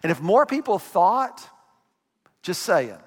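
A man with a high voice preaches in a loose, conversational way, dropping asides and acting out what people say. His voice rings with long reverb from a big hall. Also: big pitch swings. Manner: conversational preaching with asides and quick acted quotes. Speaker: pastor. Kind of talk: sermon.

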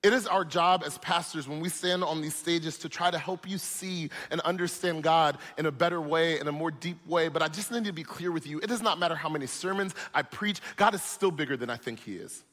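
Emphatic pastor in an echoey hall. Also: male voice, fairly high pitch, a little fast, hardly any pauses, fairly bright tone. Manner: emphatic and repetitive, building in force. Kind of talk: sermon.

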